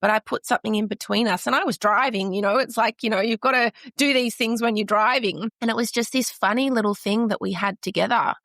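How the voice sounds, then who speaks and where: A woman's voice: a little high, fairly even intonation, brisk, few pauses, a bit bright, dry recording, clean studio sound. A middle-aged woman with an Australian accent, a podcast guest telling personal stories in an earnest way, often restarting her sentences. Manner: earnest, storytelling, frequent restarts. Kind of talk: conversational podcast interview.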